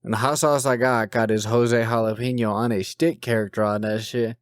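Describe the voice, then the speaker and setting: A man's voice: mid-range voice, fairly even intonation, a little fast, clean tone, no echo, studio quality. A man co-hosting a podcast, telling rambling crude stories full of swearing in casual chat. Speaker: podcast co-host.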